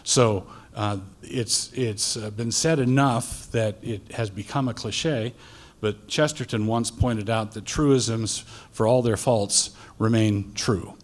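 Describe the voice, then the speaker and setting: A middle-aged male pastor giving a deliberate, halting answer in a debate. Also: fairly low pitch, fairly even intonation.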